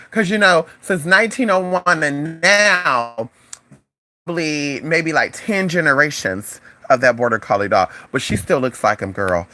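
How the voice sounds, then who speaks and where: A spiritual advisor chatting casually on a livestream, animated and profane, calling viewers "honey" and "y'all", with sudden high exclamations. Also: unhurried.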